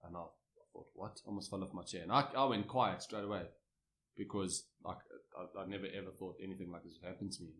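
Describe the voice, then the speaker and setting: A South African man in his thirties, a cricketer guest telling stories in casual chat, lively and anecdotal with frequent restarts. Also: low-pitched, fast talker, a little hiss or hum.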